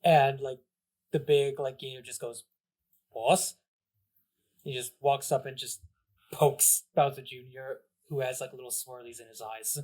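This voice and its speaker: A man's voice: mid-range voice, flat delivery, normal speed, darkish tone. A man narrating as game master in a tabletop game, in a loose, casual way full of "like"s. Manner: casual, filler-heavy narration with many "like"s.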